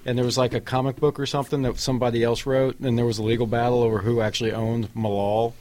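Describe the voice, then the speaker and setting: A man's voice: mid-range voice, level tone, fast talker, darkish tone. Guy co-hosting a game podcast, lots of ums, wanders through his explanation. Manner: rambling, hesitant, many fillers. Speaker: podcast co-host. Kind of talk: casual podcast chat.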